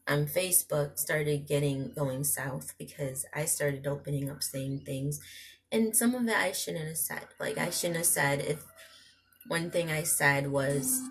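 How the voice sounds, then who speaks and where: A woman's voice: low-pitched, slight background noise. A young woman vlogging a rambling, emotional personal confession, full of restarts and asides.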